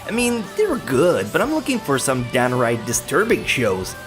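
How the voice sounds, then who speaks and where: A man from France with a clear French accent runs a scripted countdown commentary. His pitch swings widely, and he talks in a cheeky, mocking way with casual swearing. Faint music sits under his voice. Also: wildly swooping pitch, normal speed. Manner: cheeky, swears, teasing jokes. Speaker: anime list host.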